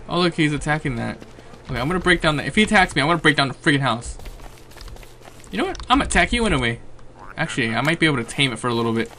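A man doing let's play commentary, excitable and swearing at enemies, then thinking aloud about his plans. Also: fairly high pitch, rapid-fire, a little hiss or hum. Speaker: gaming commentator.

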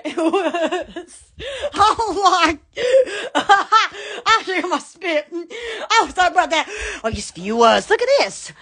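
A woman's voice: very high voice, animated, takes it slowly, bright, forceful tone. A woman hosting a casual live stream from her phone at home, gushing, laughing often and exclaiming over and over. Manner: repeated exclamations. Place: indoors at home.

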